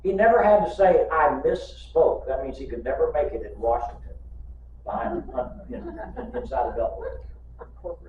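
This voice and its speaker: A man's voice: a little high, sing-song, normal speed, mellow, slight background noise. An older man preaching a sermon as pastor, telling folksy stories with humor. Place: church sanctuary. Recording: distant, echoey, muffled church recording.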